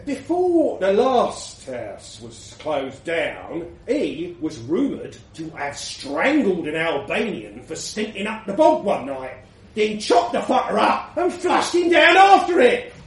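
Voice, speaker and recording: A man telling a crude story with wry humor, slow and unhurried, his pitch high and swinging widely. The sound is roomy and set back from the mic. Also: wildly swooping pitch, far from the mic. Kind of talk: storytelling narration.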